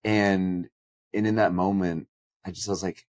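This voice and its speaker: Deep-voiced earnest man in dry recording. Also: steady tone, unhurried, a little mellow, dry recording. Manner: earnest, reflective storytelling. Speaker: podcast co-host and pastor. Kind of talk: conversational podcast chat.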